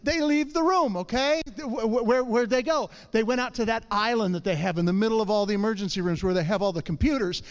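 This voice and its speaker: A middle-aged man giving a humorous testimony to a congregation, an animated storyteller who keeps calling for the audience's response. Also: high voice, fast talker, hardly any pauses, smooth. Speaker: church speaker.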